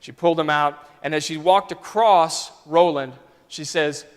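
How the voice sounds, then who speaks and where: A male pastor preaching a sermon as a vivid story, swinging between loud and soft passages. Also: on the high side, unhurried, clear, resonant tone. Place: church sanctuary. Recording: long reverb of a church sanctuary.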